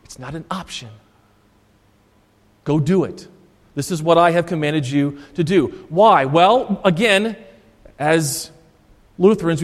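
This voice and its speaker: Emphatic high-voiced pastor in echoing church. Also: male voice, measured pace, pauses often. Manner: emphatic, repeats key phrases for stress. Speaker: Lutheran pastor. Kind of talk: sermon. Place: church sanctuary. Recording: long church reverb.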